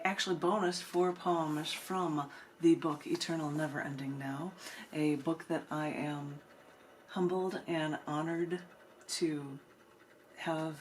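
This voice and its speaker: A woman poet hosts an open mic and talks in a chatty, easygoing way between readings. Her voice is low, with a faint ambient hum underneath. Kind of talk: poetry reading with casual chat.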